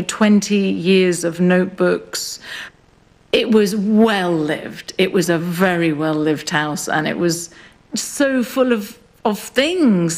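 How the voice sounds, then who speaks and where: Slow, reflective middle-aged woman. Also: mid-range voice. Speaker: interviewee, farmer and writer. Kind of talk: radio interview. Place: outdoors on a hill farm.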